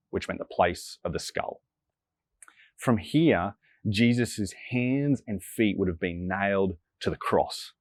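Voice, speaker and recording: Low-voiced man preaching dramatically. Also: no echo, clean studio sound. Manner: slows down and drops soft for emphasis. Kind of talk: dramatic sermon storytelling.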